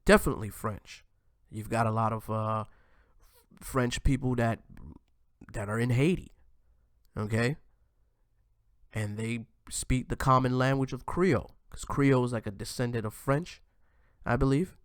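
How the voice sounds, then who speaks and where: This American host of an online show delivers an animated, off-the-cuff commentary monologue in a mid-range voice, unhurried and pausing often. He repeatedly adds "man" at the ends of lines and frequently restarts his thoughts. The sound is close and dry, with no echo.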